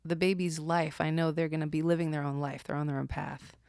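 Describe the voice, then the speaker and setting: A woman with a notably low voice talks through her thoughts as a podcast guest, pregnant and reflective, often searching for the right words. The sound is dry and close, with no room around it. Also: flat delivery, brisk, gravelly, darkish tone, no room sound. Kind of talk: casual chat.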